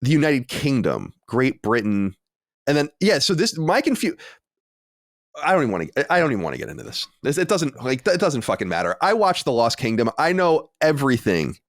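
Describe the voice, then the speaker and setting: A man chats on a podcast, his voice leaping up and down in pitch as he rambles, swears and restarts his sentences. The mic is close and dry, with no room sound at all. He sounds like a regular co-host arguing a point. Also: a little fast, no room sound. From United States. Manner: animated, profane, rambling with restarts. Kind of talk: casual chat.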